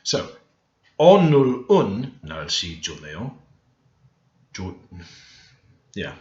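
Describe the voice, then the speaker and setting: A man's voice: on the low side, very animated, very slow, darkish tone. Man, screen-recorded grammar lesson, thinking aloud, keyboard clicks, echoey room, dull lo-fi mic. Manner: thinking aloud, unsure, stresses example words. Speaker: language learner teaching.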